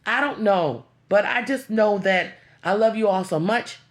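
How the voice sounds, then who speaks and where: A woman's voice: mid-range voice, unhurried. A woman speaking to her viewers in an emotional, heartfelt motivational talk, pleading and repeating herself, close to tears. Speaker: vlogger.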